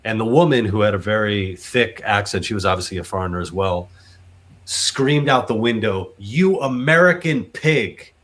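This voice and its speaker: A fairly low-voiced man who hosts a podcast and chats casually with his guest. He talks haltingly and often stops on "uh" and "you know.". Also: fairly bright tone. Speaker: podcast host.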